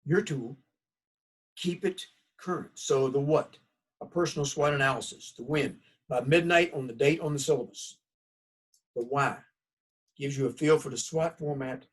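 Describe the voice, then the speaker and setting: A man's voice: medium pitch, normal speed, slightly rough, recorded from a distance. A man with a Southern US accent giving a recorded college course lecture in a folksy, conversational way. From United States. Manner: folksy, conversational, animated storytelling. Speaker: college instructor.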